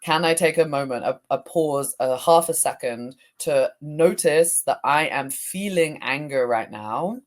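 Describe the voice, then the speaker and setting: A woman's voice: deep voice, unhurried, few pauses. Reflective woman coach, searching for words. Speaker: emotional release coach, guest. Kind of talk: conversational interview.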